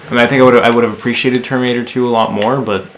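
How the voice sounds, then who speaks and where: A man's voice: medium pitch, little pitch movement, racing, a little hiss or hum. A man co-hosting a casual chat podcast, hesitant and often searching for words. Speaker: podcast co-host.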